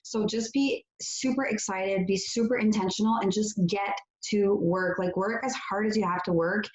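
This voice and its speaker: A woman's voice: mid-range voice, steady tone, normal speed. A French-speaking woman, a guest on a live-stream interview, who talks casually and upbeat with many fillers. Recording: roomy, dull lo-fi audio.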